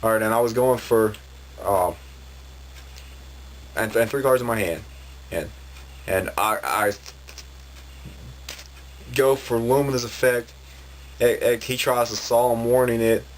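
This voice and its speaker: A man's voice: medium pitch, unhurried, long pauses, slight background noise. A man ranting in a vlog, rambling and frustrated, with many restarts. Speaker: vlogger.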